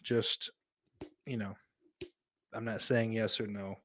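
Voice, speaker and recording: This man hosts his own podcast, unhurriedly reading viewer comments and chatting in a rambling style full of swearing and jokes at his own expense. His voice is on the low side with a level tone.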